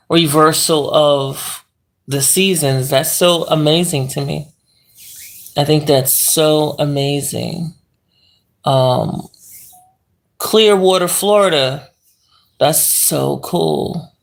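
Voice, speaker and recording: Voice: mid-range voice, gravelly. A livestream host lying in bed in a bedroom, chatting casually and rambling with the viewers' chat and laughing often.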